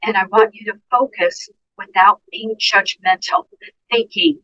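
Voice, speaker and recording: A woman's voice: medium pitch, unhurried, pushed and bright, dull audio. A woman nurse, a guest on a podcast interview, giving earnest, emphatic advice and speaking directly to listeners. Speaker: guest nurse and dementia care educator.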